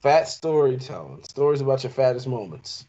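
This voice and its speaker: A young man telling a long, animated story in casual chat with friends. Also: medium pitch, normal speed. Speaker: podcast co-host. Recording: dull lo-fi sound.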